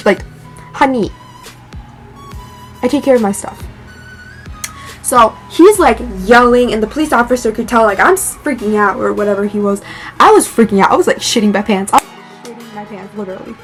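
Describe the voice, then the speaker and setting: A young woman vlogger casually telling a dramatic story, animated and filled with "like" and swearing. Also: a little fast, pauses often, faint music behind. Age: young adult. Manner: animated, lots of "like", swears, rises in pitch when excited.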